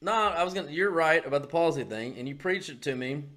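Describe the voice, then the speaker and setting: A man with a Southern US accent talks in a slightly raised register, cursing freely as he co-hosts a casual podcast. He is blunt and grows loud and animated when riled. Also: a little high, fast, a crowd in the background. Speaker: podcast co-host.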